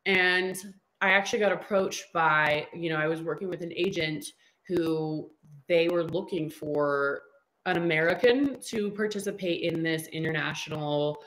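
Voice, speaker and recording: A woman's voice: low voice, a little slow, low-quality recording. A woman in her thirties, a guest in a casual interview, telling stories with energy and acting out what people said. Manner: animated storyteller who acts out quoted dialogue.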